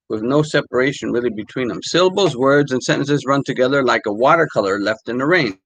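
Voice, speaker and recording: An older man talks in a halting, unhurried way, stopping often with fillers as he reads passages aloud. His voice sits in an ordinary middle register. The recording is dry and close, with little room sound. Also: medium pitch, dry recording, poor audio. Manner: halting, many fillers and restarts. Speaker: language teacher. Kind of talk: casual talk reading quotes.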